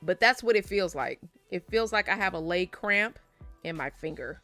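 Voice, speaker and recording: A woman's voice: medium pitch, lively intonation, slow, long pauses, pushed and bright, soft background music. Chatty, laughing woman vlogger. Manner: chatty storyteller, laughs often. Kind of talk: casual chat while opening card packs.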